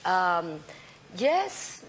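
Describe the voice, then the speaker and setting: A woman's voice: fairly low pitch, very slow, creaky, rough recording. A woman with a Mexican accent, chatting as a talk-show guest and telling stories with lots of laughter. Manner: laughing, animated storytelling. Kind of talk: casual talk-show chat. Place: TV studio.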